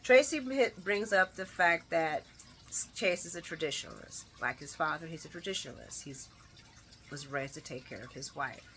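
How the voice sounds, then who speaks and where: A woman hosting a casual soap opera recap, chatty and expressive, laughing as she talks and tossing slangy asides to her viewers. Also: sits low, normal speed, a little hiss or hum. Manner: laughs often while talking.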